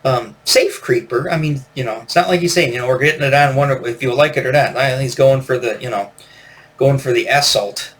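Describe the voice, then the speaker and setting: A man's voice: mid-range voice, a little fast, fairly bright tone. Rambling man reviewing a record. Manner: rambling, filler-heavy, laughs often. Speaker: album reviewer.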